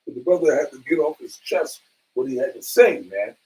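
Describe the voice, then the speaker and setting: A man's voice: fairly high pitch, expressive, brisk, darkish tone, recorded from a distance, poor audio. A man in a religious brotherhood, talking earnestly and fervently to the group and calling them brother. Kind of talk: impassioned casual preaching.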